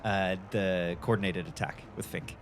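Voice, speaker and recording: A man playing a tabletop game, lively and playful. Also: deep voice, normal speed, gravelly, faint music behind. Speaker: player. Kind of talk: casual tabletop play.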